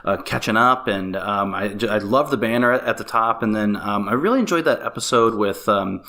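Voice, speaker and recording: A man talking as a guest on a business podcast, animated and casual, with many fillers and restarts. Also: on the low side, normal speed. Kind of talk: casual interview chat.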